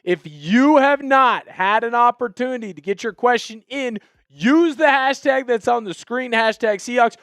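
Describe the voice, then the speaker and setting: A young man hosting a live sports show, hyped and energetic, shouting out viewers by name. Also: very high-pitched, unhurried, dry recording, studio quality. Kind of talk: live-stream sports chat.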